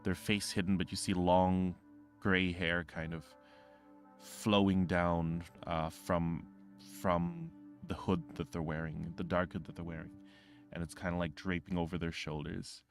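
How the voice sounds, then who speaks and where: A man's voice: low-pitched, unhurried, creaky, soft background music. A man narrating a tabletop game as game master, rambling with fillers and self-corrections.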